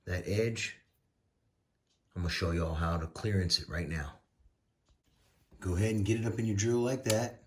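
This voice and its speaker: A man's voice: deep voice, normal speed, pauses often, darkish tone, slight background noise. A man hosting a casual build tutorial, folksy and playful, with bursts of exclamation. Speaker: RC car builder, channel host.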